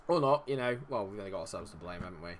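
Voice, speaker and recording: A man talks through a live game stream in a fairly low voice, cursing and groaning at every missed chance. Between matches he chats easily with his viewers. A faint background hiss sits under the voice. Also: lively intonation, rapid-fire. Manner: exasperated, swears freely at the game. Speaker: gaming streamer. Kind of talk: live gameplay commentary.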